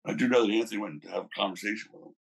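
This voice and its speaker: Older man, gravelly husky low voice, interview guest spinning lively anecdotes. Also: rapid-fire. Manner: animated storyteller, acts out quoted voices. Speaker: interview guest, former wrestling promoter. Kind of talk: casual storytelling interview.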